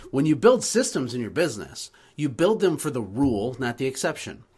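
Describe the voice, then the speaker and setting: A man's voice: mid-range voice, sing-song, brisk, a little mellow, slightly rough. A man hosting a podcast, speaking confidently and teacherly as a business coach. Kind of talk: coaching talk in a podcast conversation.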